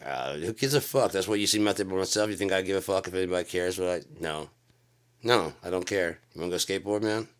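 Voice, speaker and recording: Very deep-voiced man telling a rambling story. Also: fast talker, clean tone. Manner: profane, rambling, acts out quoted voices. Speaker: channel host telling a story. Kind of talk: casual late-night storytelling monologue.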